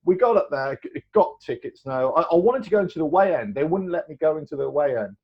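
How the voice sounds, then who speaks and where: A man in his fifties tells long, rambling stories as a guest, his voice sitting a touch high and full of animation. He laughs easily between lines. The recording sounds dull and lo-fi. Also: animated, quick pace, a little hiss or hum. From England. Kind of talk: casual storytelling chat.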